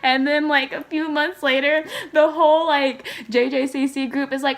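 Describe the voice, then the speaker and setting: Animated, rambling young woman storyteller. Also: normal speed. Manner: animated, rambling, lots of "like" fillers and sudden pitch jumps. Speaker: K-pop fan vlogger. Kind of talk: casual storytelling vlog.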